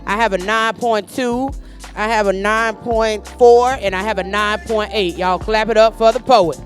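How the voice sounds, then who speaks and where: A man's voice: sits high, steady tone, normal speed, soft background music. A man hosting a poetry slam, reading out scores and hyping the crowd in a loose, playful way. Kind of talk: live event hosting.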